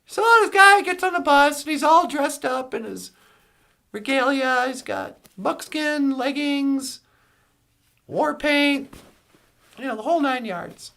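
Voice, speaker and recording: A woman tells a long joke on a live stream, rambling and correcting herself as she goes. Her voice sits high and carries a gravelly fry. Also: lively intonation, slow pace, pushed and bright.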